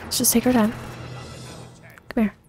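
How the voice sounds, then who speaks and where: A woman's voice: a little high, little pitch movement, moderate pace, darkish tone, soft background music. A woman giving let's play commentary while gaming, panicky and self-mocking, often repeating herself. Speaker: gaming streamer.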